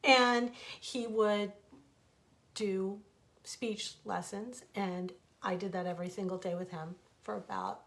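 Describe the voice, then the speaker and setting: Speaking slowly in a mid-range voice touched with vocal fry, this middle-aged woman, an author, shares a personal story at home. Her delivery is casual and lively, wandering into asides and self-corrections along the way.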